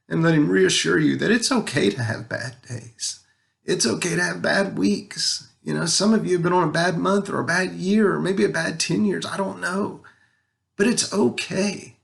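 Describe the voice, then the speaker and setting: A man sharing a heartfelt personal story about his son and his faith, talking earnestly with pauses and restarts, at times emotional. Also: a little high, vocal fry, fairly bright tone. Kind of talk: personal spiritual reflection to camera.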